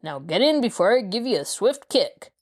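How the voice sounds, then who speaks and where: A woman voicing a gruff, bossy male gang leader in an audiobook, growling out his orders. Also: mid-range voice, sing-song, normal speed. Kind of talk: audiobook character voice.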